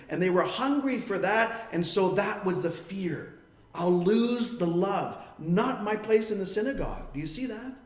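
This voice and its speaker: Preaching in an echoey room, this pastor has a high voice. His sermon is earnest in tone, and he acts out quoted voices along the way.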